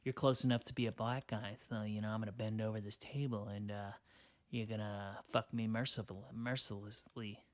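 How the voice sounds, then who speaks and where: A man playing a flirty middle-aged woman sports fan in a quick joke bit, with a sultry, teasing delivery, a little lower and softer than his usual voice. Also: level tone, lightly acted.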